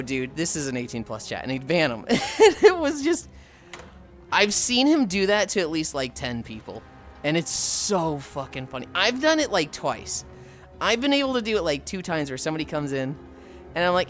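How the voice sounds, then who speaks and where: A man's voice: a little high, big pitch swings, moderate pace, fairly bright tone, soft background music. A man livestreaming who reads and answers chat in a casual, profane way and tells stories with voiced impressions.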